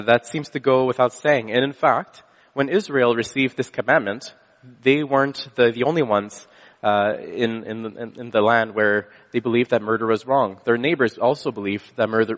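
A pastor from Canada preaches a conversational sermon featuring a personal story, speaking in a relaxed way and repeatedly restarting his sentences. His voice sits at a middle pitch, and a large hall's long reverb rings around it.

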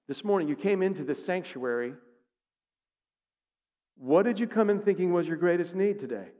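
A man's voice: sits high, animated, moderate pace, mellow, highs cut off. A man preaching a sermon as pastor, speaking emphatically and putting rhetorical questions to his congregation. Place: church sanctuary. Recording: long reverb of a large sanctuary.

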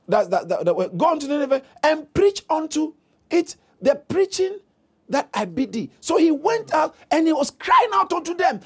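A man preaching a sermon, impassioned and building to shouts, repeating phrases for emphasis. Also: extremely high pitch, sing-song, moderate pace.

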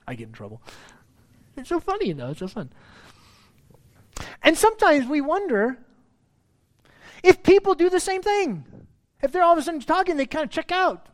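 A middle-aged man, a pastor preaching a sermon in church, talking in a conversational, self-deprecating way and getting louder when he stresses a point. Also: extremely high pitch, sing-song, normal speed, pauses often. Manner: conversational, self-deprecating, rising loud on emphasis.

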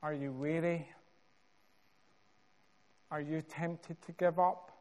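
A Scottish man preaching a sermon, telling a story with measured, dramatic pauses and building emphasis. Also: a little high, fairly even intonation, darkish tone.

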